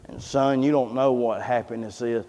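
A man tells a long sermon story in a folksy, drawn-out way, putting on the voices of the people he quotes. His mid-pitched voice carries a long reverb, as though it fills a big church hall. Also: fairly even intonation, dark tone, dull audio. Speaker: preacher.

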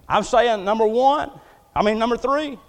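Male pastor, very high voice, folksy and joking, builds to booming emphasis; long church-hall reverb. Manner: folksy, joking preaching that swells to loud emphatic declaration. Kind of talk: sermon. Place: church sanctuary.

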